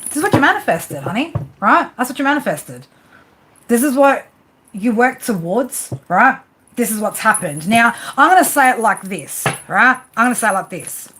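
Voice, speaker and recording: A woman's voice: fairly high pitch, sing-song, normal speed, fairly bright tone, a little hiss or hum, low-quality recording. A woman giving a live tarot reading, talking casually and bluntly, repeating herself and tagging "right?" onto her points. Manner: casual, repetitive, tag questions; affectionate, blunt, swears. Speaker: tarot reader.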